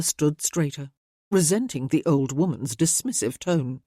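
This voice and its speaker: A woman narrating a romance audiobook in a calm, measured way. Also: deep voice, husky, no echo, studio quality.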